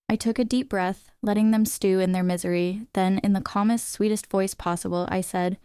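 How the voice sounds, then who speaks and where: A woman narrates a first-person story in a smooth, crisp voice that sits at a mid pitch. The delivery is steady and scripted. The recording is close and dry, with no room sound. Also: a little fast, few pauses, no echo.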